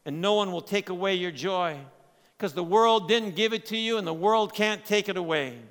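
A man preaching a sermon, swinging between loud emphatic lines and quiet, low asides. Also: normal speed, clean tone. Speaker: pastor. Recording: long hall reverb.

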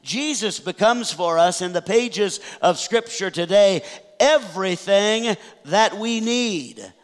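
A male pastor with a fairly high voice delivers a Sunday sermon in a church sanctuary. He reads scripture aloud and slows right down to stress the key declarations. A long reverb trails after his words. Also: lively intonation.

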